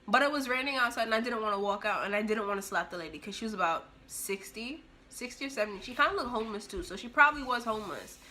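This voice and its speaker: A young woman telling a personal story in a casual, animated way, with sudden bursts of loudness. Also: on the high side, quick pace, hardly any pauses, a little hiss or hum. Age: young adult. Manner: animated, expressive, with big jumps in loudness.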